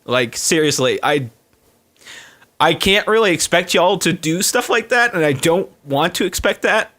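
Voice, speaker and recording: A man's voice: a little high, expressive, measured pace, fairly bright tone. A man streaming live, chatting casually to his viewers in a rambling, heartfelt way with many fillers and restarts.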